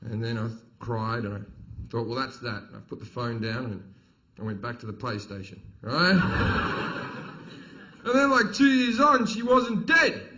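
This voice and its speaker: A man with an Australian accent doing a stand-up comedy set, telling crude, profane stories and punching up the jokes loudly. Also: medium pitch, expressive, a little slow, poor audio. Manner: crude, profane, storytelling delivery with sudden loud punchlines. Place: comedy venue stage with audience.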